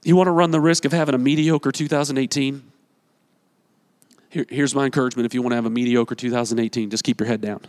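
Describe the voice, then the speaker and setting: In a church sanctuary whose big hall adds long reverb, a man preaches quickly in a mid-range voice. His delivery is energetic and exhorting; he repeats phrases for emphasis and performs the quotes he cites.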